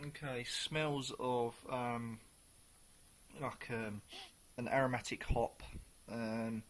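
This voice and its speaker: A man's voice: medium pitch, steady tone, slow pace, a bit bright. Chatty man reviewing a beer. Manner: chatty and rambling, with many ums. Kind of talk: casual video review.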